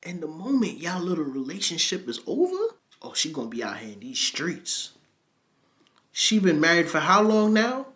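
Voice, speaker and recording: A man's voice: on the high side, huge pitch swings, normal speed, fairly bright tone. A man hosting, cutting in with joking, slangy commentary on the story. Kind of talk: casual commentary.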